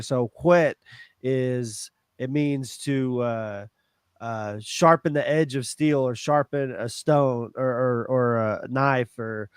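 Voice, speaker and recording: A man's voice: mid-range voice, clean tone, no echo, clean studio sound. A man co-hosting a podcast, giving a rambling, casual explanation full of restarts. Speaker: podcast co-host. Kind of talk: casual chat.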